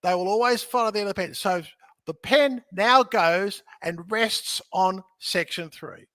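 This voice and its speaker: An energetic man with a high, bright voice explains his methods as a podcast guest. He talks in a lively, joking way and keeps checking in with his listener. The sound is dry and close. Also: a little slow, dry recording. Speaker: podcast guest, real estate educator. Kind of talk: animated teaching in conversation.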